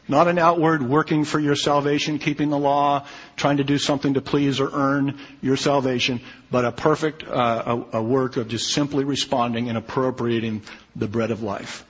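A man's voice: medium pitch, fairly bright tone, breathy edge. Man preaching in an echoey hall. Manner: emphatic preaching with frequent "okay?" check-ins. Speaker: pastor. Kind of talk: sermon. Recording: muffled sound with long hall reverb.

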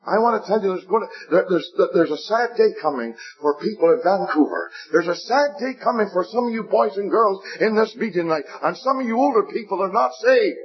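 A man's voice: sits high, lively intonation, fairly quick, few pauses. An older man preaching a sermon, telling stories earnestly, repeating phrases and pleading with his listeners. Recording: dull lo-fi recording.

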